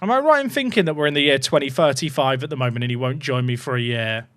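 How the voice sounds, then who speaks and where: A man's voice: medium pitch, expressive, quick pace, a bit bright, dry recording. A man casually commentating on his football management game, chatty and full of joking asides to his viewers. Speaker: gaming YouTuber.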